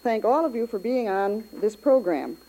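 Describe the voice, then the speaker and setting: Mellow-voiced woman hosting a school radio show. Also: on the high side, expressive, moderate pace, low-quality recording. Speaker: radio program host.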